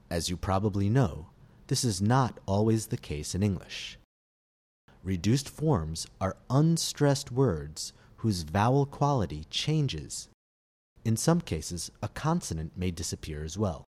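A man teaching English pronunciation in a scripted podcast lesson, speaking slowly and articulating each word clearly. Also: low voice, darkish tone. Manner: slow, deliberate, clearly articulated delivery.

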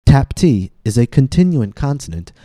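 A man teaching pronunciation in a scripted podcast lesson, speaking slowly and clearly to demonstrate sounds. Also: mid-range voice, very animated, mellow, dry recording, studio quality. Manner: slow, clear demonstrative delivery.

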